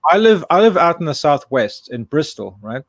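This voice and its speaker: A man's voice: fairly high pitch, sing-song, moderate pace, dry recording. A man chatting casually as a stream co-host, rambling with frequent restarts. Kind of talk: casual chat.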